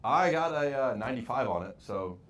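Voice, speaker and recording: A man's voice: medium pitch, animated, a little fast, fairly bright tone. A young man guest on a talk show, rambling casually with lots of "like". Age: young adult. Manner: rambling, heavy filler words. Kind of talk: casual chat.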